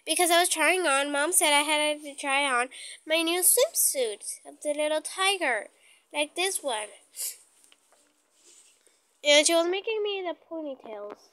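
A woman voicing Chelsea, an excited little girl doll, in a doll play video, speaking in a bubbly, bouncy way. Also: high voice, unhurried, long pauses, no room sound, exaggerated voice, low-quality recording. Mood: eager.

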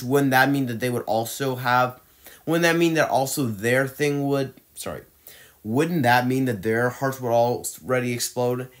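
A man ranking movies in a casual, opinionated monologue, ranting and exasperated, often restarting his sentences. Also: mid-range voice. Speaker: movie reviewer.

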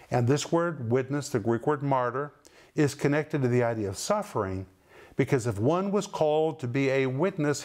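A man teaching the Bible in sermon style, emphatic and lingering on key words with dramatic pauses. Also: medium pitch, a little mellow.

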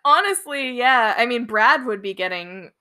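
A woman's voice: on the high side, expressive, moderate pace, sharp tone, clean tone. A young woman co-hosting a casual podcast, chatty and giggly, with lots of "like" fillers. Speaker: podcast co-host. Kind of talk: casual chat.

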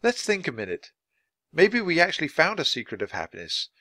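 A thoughtful young boy, read by a man, earnest and a little nervous, talking with lively ups and downs in pitch. The sound is close and dry. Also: fairly quick, dry recording, heavily acted.

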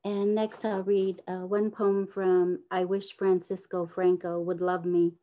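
A woman poet introducing and reading her poems in a measured, grave manner on a livestream. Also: on the low side, flat delivery, mellow. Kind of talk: poetry reading. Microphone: livestream home mic.

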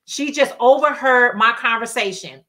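A woman's voice: a little high, moderate pace, fairly bright tone. A woman hosting a casual crafting livestream, telling chatty stories in colloquial speech and reading viewer comments aloud.

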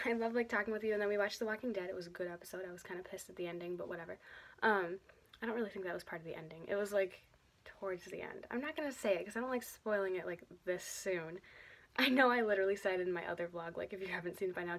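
Rambling bubbly young woman vlogging. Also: medium pitch. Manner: rambling and chatty, many fillers, drifting off topic; bubbly, laughs often. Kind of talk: casual vlog addressed to her cousin. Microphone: camera she is filming herself with.

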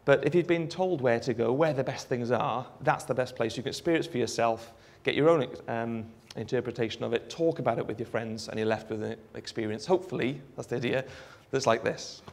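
A Welsh man giving a live demonstration of a phone app, explaining in a relaxed way with frequent ums. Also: medium pitch, brisk, creaky, few pauses. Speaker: app developer giving a presentation. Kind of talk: live product demo talk.

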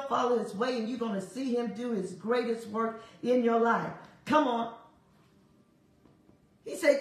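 A woman delivering a prophetic word on a prayer broadcast, animated and laughing often, repeating phrases in a rhythmic preaching cadence. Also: a little high, heavy reverb, distant mic. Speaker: prophetic minister.

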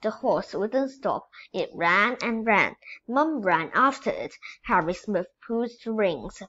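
A woman reading a children's storybook aloud in a slow, expressive way. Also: mid-range voice, dull audio. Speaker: storybook reader.

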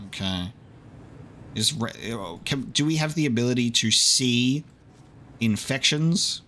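A man's voice: fairly low pitch, measured pace, pauses often, fairly bright tone, a little hiss or hum. A young man giving casual let's-play commentary, muttering to himself as he checks details and swearing now and then. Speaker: gaming video creator.

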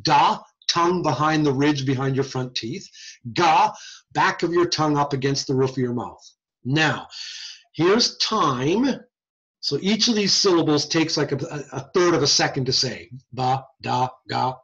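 This lecturer on hearing science has a fairly high voice and a measured pace, captured in a screen-share recording with the highs cut off. His talk is informal, lively and jokey, like a conversation.

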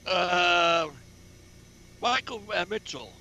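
Bright-voiced joking man, slightly off-mic. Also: high-pitched, lively intonation, drawn-out words, gravelly, dull audio, slight background noise. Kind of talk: casual group chat.

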